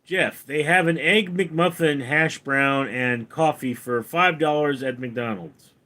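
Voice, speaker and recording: Slow-talking man reading his live chat. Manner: reads out viewers' names and comments, then answers them; calls out names louder and higher than his answers. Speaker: streamer reading viewer chat; actor. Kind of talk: casual livestream chat.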